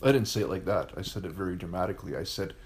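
A man's voice: low-pitched, racing, slightly rough. A man co-hosting a casual chat, chiming in with dry, short remarks of agreement. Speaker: co-host.

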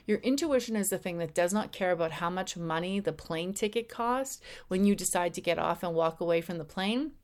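A woman's voice: on the low side, a little fast, few pauses. Woman doing a casual spiritual talk, chatty, stumbles and restarts a bit. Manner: acts out voices of ego and intuition; conversational, with slips and restarts. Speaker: spiritual speaker.

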